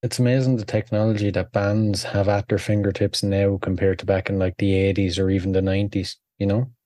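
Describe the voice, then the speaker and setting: A man hosting a podcast interview, chatty and quick to laugh. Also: fairly low pitch, level tone, mellow, no room sound. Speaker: podcast host. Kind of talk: casual interview.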